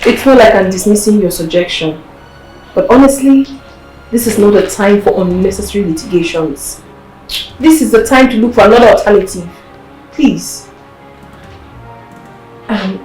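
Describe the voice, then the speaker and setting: An actress with a Nigerian accent playing a scheming, sharp-tongued royal wife who mocks and presses with pointed questions. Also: female voice, medium pitch, normal speed, pauses often, natural voice. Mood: placating. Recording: roomy echo, mic at a distance, faint music.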